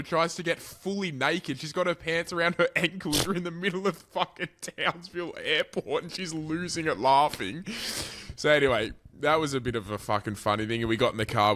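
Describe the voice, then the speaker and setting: A young Australian man telling a story on a podcast, animated and sweary, his voice swinging between loud and quiet. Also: medium pitch. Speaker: podcast co-host. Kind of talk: casual storytelling chat.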